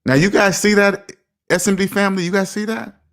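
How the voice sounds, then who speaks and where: A man's voice: high voice, brisk. Confident, emphatic man on a stream. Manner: emphatic and self-assured, lively swings in loudness. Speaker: finance channel host. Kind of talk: casual livestream talk reading viewer comments. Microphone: streaming mic.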